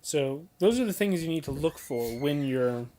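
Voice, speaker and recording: A young adult explaining how to read poetry aloud, pointing out pauses and emphasis as clips play. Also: mid-range voice, lively intonation, dark tone, a little hiss or hum. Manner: points out details, emphasizes and repeats examples. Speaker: teacher explaining poetry reading. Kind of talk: casual spoken lesson.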